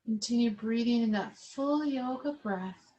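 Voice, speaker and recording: A woman yoga instructor leading a class over a webcam, giving calm, slow guided instructions. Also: fairly high pitch, poor audio.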